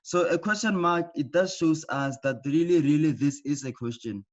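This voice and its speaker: Man teaching online, patient, repeats himself, fairly high voice, dull lo-fi sound. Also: normal speed. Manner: patient, repeats key points with frequent "okay?" checks. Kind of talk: online class lesson. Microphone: computer mic in an online class.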